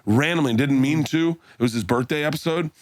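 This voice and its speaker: A comedian telling stories in a casual podcast chat, acting out quotes and laughing loudly. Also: male voice, a little high, brisk, dry recording, clean studio sound. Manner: animated storyteller, acts out quotes, laughs loudly.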